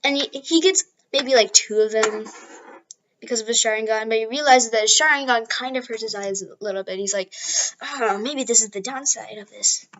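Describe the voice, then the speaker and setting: High-voiced woman rambling through a fan story. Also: moderate pace, fairly bright tone, highs cut off. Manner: rambling, with frequent restarts and apologies. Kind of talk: casual improvised fan-story narration.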